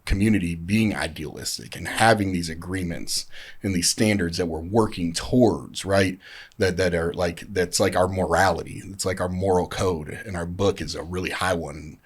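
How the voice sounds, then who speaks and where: A man with a very low voice speaks in a casual podcast conversation. He talks in a heartfelt, rambling way, with many fillers and restarts. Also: husky. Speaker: podcast guest in recovery. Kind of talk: casual chat.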